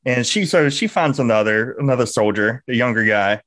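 A man's voice: medium pitch, lively intonation, moderate pace, a bit bright, no echo. A young man from Georgia co-hosting a podcast, telling a crude story with lots of laughter. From Georgia, USA. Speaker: podcast co-host. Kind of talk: casual podcast banter.

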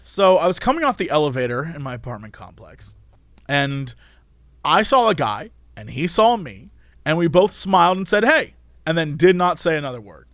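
A man's voice: on the high side, big pitch swings, moderate pace, fairly bright tone, dry recording, clean studio sound. A young man co-hosting a casual podcast chat, teasing and laughing a lot. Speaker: podcast co-host.

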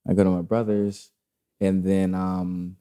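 The man's voice is low and warm, a bit slow, with little pitch movement. In a casual podcast chat as a guest, he tells a drawn-out personal story that wanders, full of fillers and swearing.

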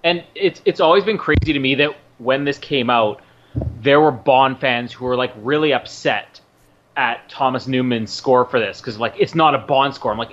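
A man's voice: medium pitch, moderate pace, a bit bright. A man co-hosting a podcast, chatting casually and laughing often while watching a movie. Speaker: podcast co-host. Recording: muffled lo-fi audio.

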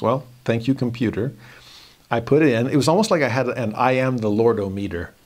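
A man's voice: mid-range voice, brisk, darkish tone. A man, a religion teacher, giving a personal devotional talk and acting out his own inner dialogue as he tells the story.

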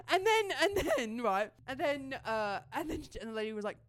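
Animated young Australian woman telling stories. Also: high voice, moderate pace, hardly any pauses, no room sound. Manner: animated, laughing, swears freely. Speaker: podcast co-host. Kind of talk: casual chat, storytelling.

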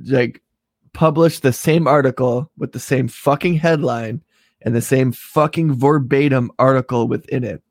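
A man co-hosts a podcast and gives his opinions in a loose, conversational way, with the odd swear word. His voice sits at a middle pitch. The recording is dry and close. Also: a little mellow, no room sound. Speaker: podcast co-host. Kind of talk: casual political chat.

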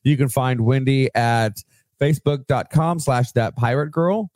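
A man's voice: mid-range voice, unhurried, darkish tone, no echo, clean studio sound. A man co-hosting a podcast, reading sponsor plugs and chatting casually with asides and swearing. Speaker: podcast co-host.

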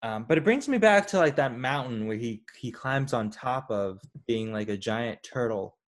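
A man co-hosting a casual chat about a movie, animated and rambling with lots of fillers and restarts. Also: mid-range voice, moderate pace. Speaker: podcast co-host.

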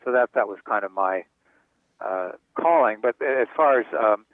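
A man's voice: mid-range voice, moderate pace. An older man, an author being interviewed, telling stories and acting out the voices of the people in them. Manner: animated storyteller acting out quoted voices. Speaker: author and guest. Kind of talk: storytelling interview answers. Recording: tinny phone line, dry.

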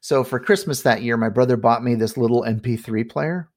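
A middle-aged man casually telling a spooky family story on a podcast, animated and full of fillers. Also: medium pitch, a little fast. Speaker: guest storyteller.

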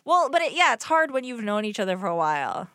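A woman's voice: a little high, very animated, quick pace, fairly bright tone, no room sound. A woman cohosting a podcast, chatting casually, laughing often and poking fun at herself. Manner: laughs often, self-deprecating. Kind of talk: casual chat.

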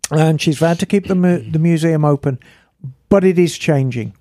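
A man's voice: fairly high pitch, moderate pace, warm tone, dry recording, studio quality. A man co-hosting a motorcycle podcast, chatting casually and telling rambling stories. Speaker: podcast co-host. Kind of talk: casual chat.

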